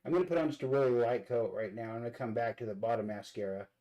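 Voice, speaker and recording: A man hosts a casual vlog, talking earnestly as he does his makeup and often repeating words while he searches for them. His voice is medium-pitched, quick, and mellow, with the highs cut off.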